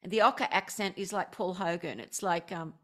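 A woman's voice: on the low side, brisk, a bit bright. A woman with an Australian accent, a guest in a casual interview, talking in an effusive, enthusiastic way.

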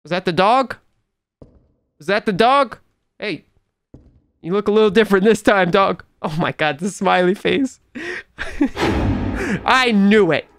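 Jumpy young gamer reacting to horror. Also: male voice, high-pitched, expressive, normal speed, pauses often, fairly bright tone, smooth, no room sound, studio quality. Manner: jumpy and incredulous, talks back to the game. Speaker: gaming YouTuber. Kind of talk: horror game let's play commentary.

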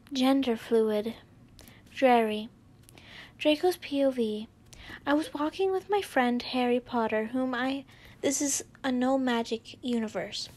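A woman casually reading fanfiction aloud, halting as she goes, with frequent restarts and self-corrections. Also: sits high, darkish tone. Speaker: fanfiction reader.

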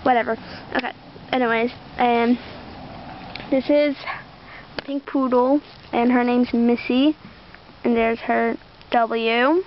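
Brief: young woman, slow, high-ish voice, rambling casual show-and-tell, muffled outdoor recording. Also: steady tone, a little hiss or hum. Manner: rambling, chatty, lots of "like". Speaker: vlogger showing a toy collection.

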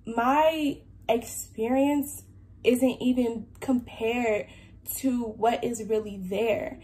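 A woman's voice: fairly high pitch, steady tone, extremely slow, warm tone. Earnest young woman telling her testimony. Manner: earnest, fills speech with "like". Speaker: believer sharing a testimony. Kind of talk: personal testimony.

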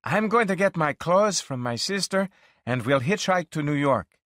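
A man reading a story aloud, voicing a young woman who is jealous and easily upset, with a shrill, pleading delivery. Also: expressive, moderate pace, fairly bright tone, dry recording, clean studio sound. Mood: eager.

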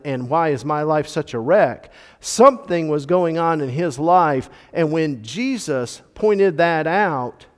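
A man teaching a church Bible class, explaining the text and stressing key words, with frequent fillers. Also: fairly high pitch. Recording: long reverb of a hall.

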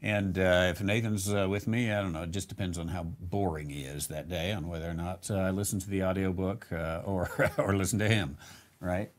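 A man's voice: sits low, steady tone, fairly quick. A man hosting a casual live question-and-answer show, rambling with many fillers and restarts and chuckling now and then. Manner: chuckles between remarks. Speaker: host answering viewer questions.

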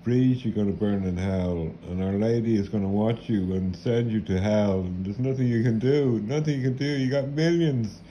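A middle-aged Irish man rants bitterly and at length, swearing and repeating his curses over and over. His voice is dark and mellow at an ordinary pitch. The recording sounds dull and lo-fi, with a faint hiss underneath. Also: normal speed, hardly any pauses. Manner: bitter, profane, repetitive cursing. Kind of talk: angry rambling rant.

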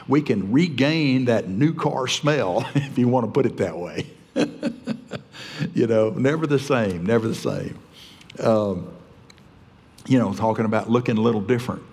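A man's voice: lowish voice, a little mellow. An older man preaching a sermon as pastor, telling folksy stories and chuckling often. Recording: church hall reverb.

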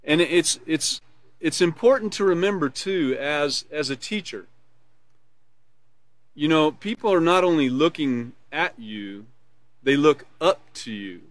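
A man's voice: a little high, expressive, unhurried, no echo. Earnest male instructor, dry close sound. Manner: earnest, explanatory, laughs and smiles while teaching. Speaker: character education instructor. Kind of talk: live online class, reading from a course manual and explaining.

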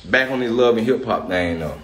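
A man's voice: on the low side, animated, a little fast. Laid-back man in a home vlog. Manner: laid-back slangy talk, often says "cuz" and "you feel me". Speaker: vlogger and father. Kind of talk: casual home vlog chat.

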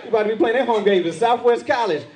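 A comedian with a very high voice races through his stand-up set, animatedly acting out quoted voices onstage at a comedy club. Loud crowd laughter fills the live recording.

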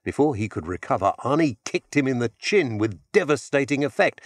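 A man reads an audiobook in a measured storytelling voice. His pitch moves in a lively, animated way, and the studio sound is close and dry with no room in it. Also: no room sound. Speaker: audiobook narrator. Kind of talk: scripted audiobook narration.

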